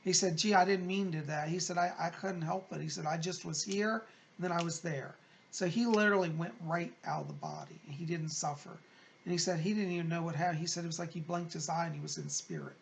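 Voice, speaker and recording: Male psychic host with a gravelly voice, reading viewer letters and relaying spirit messages; consoling and chatty. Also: fairly high pitch, fairly even intonation, quick pace, a little hiss or hum. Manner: gentle, consoling, chatty, calls listeners "hon". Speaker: psychic medium.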